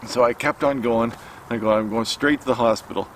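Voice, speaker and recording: A middle-aged man recounting a personal story outdoors, his voice pitched in an ordinary middle range. He speaks haltingly, full of fillers and restarts, like a casual vlogger by a campfire. A faint hum of outdoor noise sits behind him. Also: fairly even intonation.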